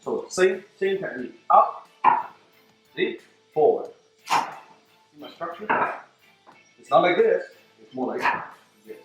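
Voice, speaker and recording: A man's voice: sits high, expressive, slow, long pauses. Man instructor, demonstration lesson, broken English, repetitive, very echoey room, distant mic, faint music behind. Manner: broken English, repeats words while demonstrating. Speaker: martial arts instructor.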